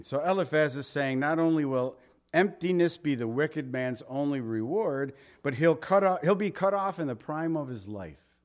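A man preaching a verse-by-verse sermon in a conversational, emphatic way, reading scripture aloud and often dropping to a soft murmur. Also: medium pitch, normal speed. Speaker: pastor.

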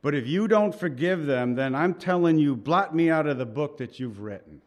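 A man preaching a sermon in an earnest, conversational way, with asides and pauses as he reads and explains scripture. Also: fairly high pitch, lively intonation. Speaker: pastor.

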